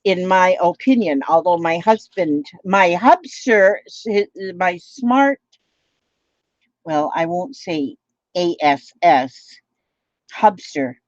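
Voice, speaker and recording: A woman's voice: fairly low pitch, animated, slow pace, dry recording. A woman from Minnesota with a Midwestern American accent, chatting in a rambling, playful way while she crafts and reads out viewer comments. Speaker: craft vlogger. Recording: dull lo-fi home recording.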